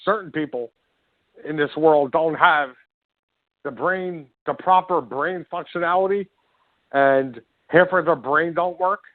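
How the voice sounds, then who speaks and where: A slightly high-voiced man rages through his podcast monologue, hurling insults and tripping over his rambling words. The lo-fi recording is dry and phone-like, with no echo.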